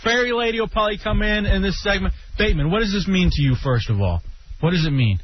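A man's voice: high voice, expressive, quick pace. A man hosting a radio talk show, joking and teasing his guest and crew in a brash, casual way. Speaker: radio host. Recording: dull broadcast audio with faint noise.

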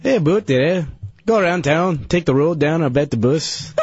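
Husky, lively radio show guest. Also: male voice, on the high side, moderate pace. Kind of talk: casual chat. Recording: dull lo-fi radio broadcast.

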